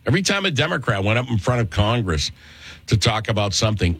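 A lower-voiced man hosts political talk radio, delivering commentary with heavy sarcasm and mocking leaps in pitch. The studio mic sound is close and dry, with no room around it. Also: big pitch swings, fast, slightly rough, dry recording. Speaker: radio talk show host.

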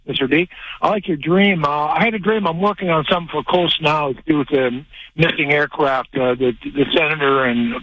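A man's voice: on the high side, fairly bright tone, no echo. Rambling male caller on a dull phone line. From Canada. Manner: rambling, hesitant, many fillers. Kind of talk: phone-in call.

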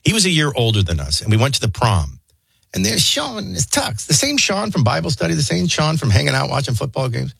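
A man's voice: a little high, fairly quick, vocal fry, slightly rough, no room sound. A man hosting a radio morning show, telling funny stories with friends and reading the news. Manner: storytelling, joking, animated. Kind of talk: casual talk radio banter and news reading.

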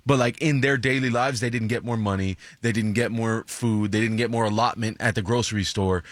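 A man's voice: lowish voice, fairly even intonation, a little fast, fairly bright tone, no echo. Male radio co-host, opinionated and earnest, dry close sound. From United States. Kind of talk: casual radio banter.

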